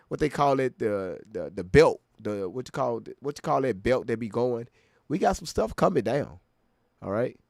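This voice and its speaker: A man hosts a reaction video in a laid-back, rambling way. His voice is gravelly, sits fairly high, and moves slowly. The sound is dry and close to the mic. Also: dry recording. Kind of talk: casual reaction commentary.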